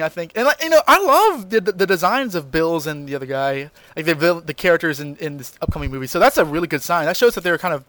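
Enthusiastic, rambling man, higher voice. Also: a bit bright, dry recording. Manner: rambling, enthusiastic, restarting sentences. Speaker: podcast co-host. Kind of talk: casual chat.

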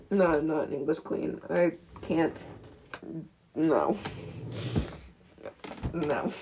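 A woman's voice: fairly low pitch, slight background noise. A woman hosting a casual solo podcast, rambling, sarcastic and correcting herself, recorded on a phone. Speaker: podcast host.

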